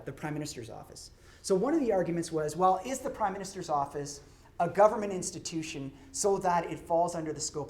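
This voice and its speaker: A middle-aged man, a law professor, speaks in a voice on the high side with a darkish tone. It's a public academic lecture delivered conversationally, with him often asking his audience "right?".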